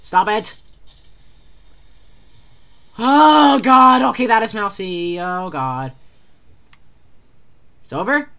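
A gamer giving casual commentary while playing a horror game, stammering and panicking, repeating words in rapid bursts. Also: mid-range voice, gravelly, a bit bright.

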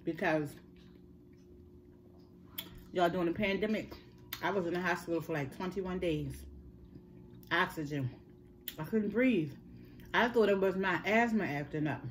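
Addressing her audience as y'all, a middle-aged woman who makes mukbang videos talks casually and sincerely about her health, with chatty storytelling. She speaks on the low side, a little slowly, with long pauses, over slight hiss or hum.

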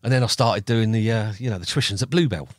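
A man's voice: fairly low pitch, fast, no room sound, studio quality. A middle-aged man, a podcast guest, telling angling stories casually and acting out the other people in them with laughs. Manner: chatty, acts out quoted dialogue with laughs. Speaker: podcast guest, carp angler. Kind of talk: casual storytelling.

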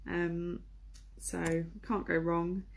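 Slow, low-voiced woman teaching. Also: level tone, vocal fry. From England. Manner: chatty, many ums and ahs. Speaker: presenter. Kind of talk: casual lesson on English culture.

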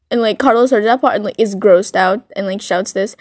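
A woman's voice: medium pitch, a little fast, hardly any pauses, a little mellow, no echo, studio quality. A woman narrating a fan story casually, rambling with many fillers. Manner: rambling, filler-heavy, giggly.

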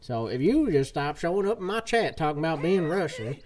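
A man's voice: fairly high pitch, very animated, a little fast, a little mellow. A man casually commenting on a live game stream, joking in a playful, folksy cowboy drawl.

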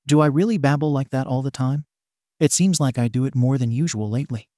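A man's voice: medium pitch, a little fast, mellow, no room sound, studio quality, close to an everyday voice. A man reading as a flustered, rambling teenage boy. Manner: stammering, babbling.

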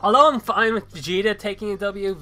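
Bright-voiced man chatting on a podcast. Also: high voice, brisk, soft background music. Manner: laughs often, rambling with fillers. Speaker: podcast host. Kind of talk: casual chat.

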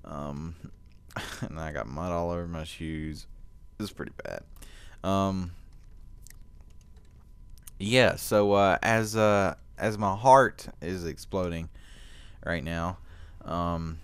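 A man's voice: low-pitched, slow, pauses often, clean tone, no room sound. A teenage boy with the hiccups hosts a casual gaming commentary, groaning and complaining as he plays. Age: teens. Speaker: gaming channel host.

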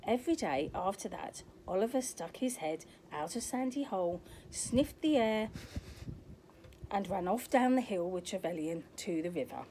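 An older woman reading a children's picture book aloud, pausing to point at pictures and ask the child questions. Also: mid-range voice, expressive, dark tone, a little hiss or hum. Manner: asks the young listener questions, points at pictures. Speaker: storyteller.

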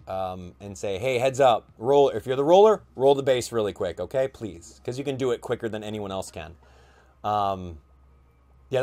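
A young man giving casual gameplay commentary, chatty and excitable, thinking aloud with plenty of fillers. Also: mid-range voice. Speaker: gaming YouTuber.

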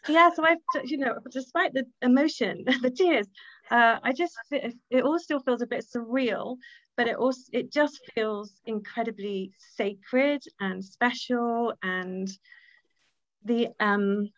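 A woman's voice: fairly high pitch, a little slow, fairly bright tone, no room sound. Gushing Irish woman on a video call. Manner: gushing, grateful, laughs often. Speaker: author hosting her book launch. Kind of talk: emotional casual talk on a video call. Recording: dull lo-fi video call audio.

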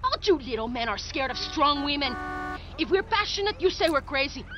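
An actress voicing a hot-tempered young female gang partner in a video game, scornful and quick to shout insults. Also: high voice, very animated, dull audio, background noise. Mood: scornful lecturing.

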